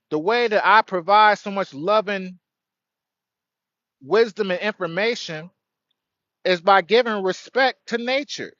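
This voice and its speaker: A man's voice: sits high, bright, forceful tone, no echo, lo-fi sound. A man hosting an outdoor spiritual livestream, speaking earnestly and greeting viewers by name. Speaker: livestream host. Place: outdoors by a tree.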